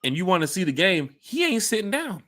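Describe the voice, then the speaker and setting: A man hosting a casual fan podcast from home, talking into his own mic and camera. He tells stories with animated, sing-song swings in pitch and jumps into high voices for the people he quotes. The sound is dry and close, with no room around it. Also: a little fast, dry recording. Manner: animated storyteller acting out quotes. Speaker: podcast host.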